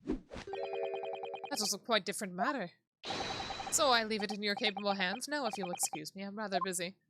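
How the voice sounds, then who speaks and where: A woman's voice: medium pitch, moderate pace, background noise, lightly acted. A woman voicing a haughty, aloof male detective who talks in a dry, dismissive way. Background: background music.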